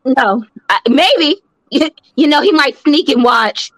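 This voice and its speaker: Woman, high voice, swooping animated delivery, blunt joking banter, dry close sound. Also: takes it slowly, no room sound. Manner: loud, blunt and joking, often laughing. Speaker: podcast co-host. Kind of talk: casual chat.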